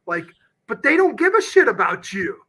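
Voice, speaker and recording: A man's voice: extremely high pitch, big pitch swings, normal speed, pushed and bright, breathy edge. A man being interviewed on a podcast, talking passionately and emphatically about real estate deals, with a salesman's punch and the odd casual swear. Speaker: guest, real estate investor.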